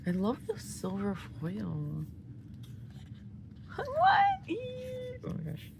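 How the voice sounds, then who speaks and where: An excitable woman, chatting casually and gushing through an unboxing, often dropping into a half-whisper. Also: lowish voice, unhurried, vocal fry, background noise. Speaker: vlogger unboxing albums.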